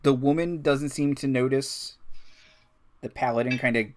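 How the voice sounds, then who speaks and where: Dude running a dnd game, laid back narration, lots of kinda and uh. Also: male voice, medium pitch, fairly even intonation, moderate pace. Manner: loose, casual narration with fillers. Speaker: game master.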